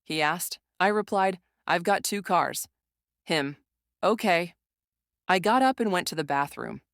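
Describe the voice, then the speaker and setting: A woman's voice: fairly low pitch, measured pace, dry recording, clean studio sound. A woman narrating a first-person story, reading every character's dialogue and naming each speaker as she goes. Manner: reads all characters' dialogue in one flat voice, tags speakers.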